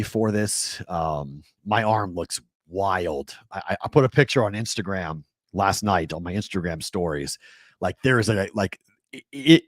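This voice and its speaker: A man hosting a sports talk show, telling stories in an animated, excitable way, full of fillers and restarts. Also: lowish voice, no echo. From New England. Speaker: sports talk radio host. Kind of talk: casual sports talk storytelling.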